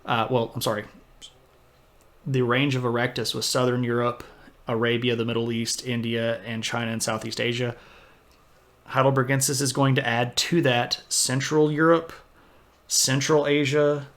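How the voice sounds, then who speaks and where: A man teaching history on a livestream in an easygoing, rambling way. He wanders off into little self-deprecating asides before steering back to the point. His voice sits at an ordinary middle pitch. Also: flat delivery, moderate pace, fairly bright tone. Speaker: history streamer lecturing. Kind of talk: casual livestream lecture.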